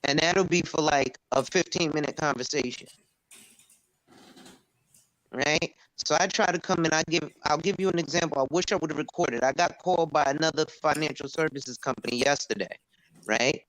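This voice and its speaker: A man's voice: a little high, moderate pace, a bit bright, no room sound, rough recording. A man who sells insurance, talking casually on an open panel and acting out conversations he has had. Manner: storytelling, acts out quoted conversations. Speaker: insurance agent and panel speaker.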